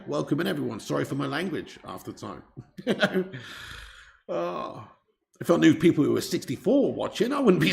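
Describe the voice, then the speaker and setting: A man's voice: fairly high pitch, creaky. A man, hosting a live football watch-along, chatting casually, reading out viewer comments and swearing freely. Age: 30s.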